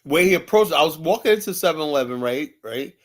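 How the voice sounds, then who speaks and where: A man's voice: on the high side, lively intonation, fast, over a noisy crowd. A man chatting casually on a podcast, telling rambling stories full of fillers and acting out what others said in a raised voice. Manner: rambling storytelling, acts out quotes in a raised voice; heavy use of fillers like "and whatnot".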